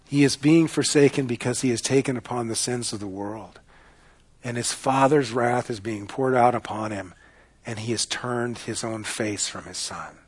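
Guy preaching a sermon, goes loud then drops way down quiet, dramatic storytelling. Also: medium pitch, moderate pace, slightly rough. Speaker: pastor.

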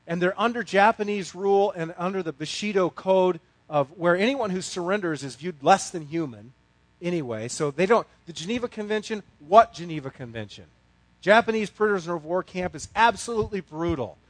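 A man preaching a sermon, telling a story with sweeping swings from hushed to loud and pausing over his words. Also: high-pitched, no echo. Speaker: pastor.

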